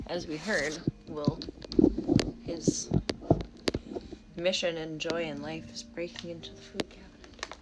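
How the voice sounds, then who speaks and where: Slow-talking woman cooing to her pets. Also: on the low side, heavy background noise. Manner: cooing, affectionate baby talk to her animals. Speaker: live streamer. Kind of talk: casual live stream talking to pets. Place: home, indoors. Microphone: phone held in hand. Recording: loud music playing in the room.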